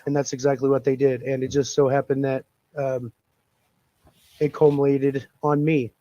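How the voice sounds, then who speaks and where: A man talking casually as a guest, halting with many restarts and a dry, dark sense of humor. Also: medium pitch, level tone, no echo, muffled recording. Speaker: police accountability guest. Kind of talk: casual video call chat.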